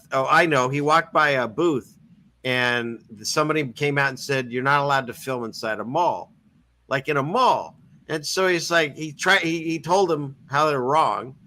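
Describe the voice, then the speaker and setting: A man hosts a casual online talk show, rambling through a story with frequent restarts and easy laughter. His voice is fairly high in pitch with a sharp tone. It's casual podcast chat.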